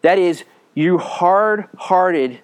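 A man preaching a sermon as a pastor, reading scripture aloud and explaining it, speaking directly to his listeners and dropping to a low, quiet voice for emphasis. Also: very slow, smooth. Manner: earnest, direct address to listeners.

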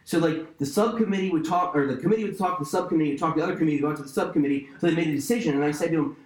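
A man pastor delivers an emphatic sermon in a fairly high voice, circling back to his key phrases and throwing in casual asides to the congregation. The sound carries a roomy echo around him. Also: racing.

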